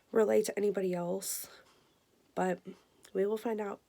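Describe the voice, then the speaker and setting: A woman in her twenties giving an earnest, emotional personal health update, halting with many fillers. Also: medium pitch, fairly even intonation, gravelly, mellow. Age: 20s. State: emotional, near tears. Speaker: vlogger.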